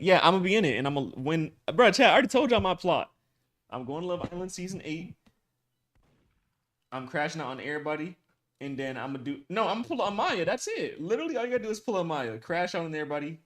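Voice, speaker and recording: A young man streaming live, chatting casually with his viewers in animated slang and laughing often. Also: a little high. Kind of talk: casual livestream chat with viewers.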